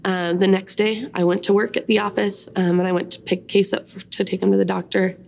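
A woman giving a personal testimony, speaking softly and reflectively with many pauses. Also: medium pitch, flat delivery, vocal fry, a little hiss or hum, rough recording. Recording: music playing underneath. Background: guitar music.

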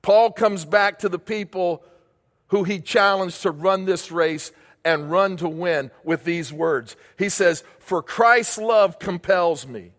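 An older male pastor with a notably high voice delivers an emphatic sermon, hammering home phrases by repeating them and asking the room rhetorical questions. His words ring out with the long, lingering reverb of a large church hall. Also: fairly even intonation, slow pace, fairly bright tone.

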